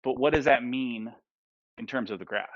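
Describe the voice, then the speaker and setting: A man's voice: mid-range voice, normal speed, fairly bright tone, dry recording. Man, math teacher, classroom lecture, quizzing students, muffled dry sound. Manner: asks the class many questions, says "right?" and "okay?" often.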